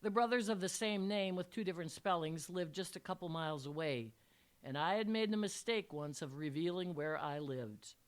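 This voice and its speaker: A woman's voice: on the low side, normal speed. An older woman, a retired teacher, reading a personal story aloud with dry, wry humor. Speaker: retired teacher telling a memoir.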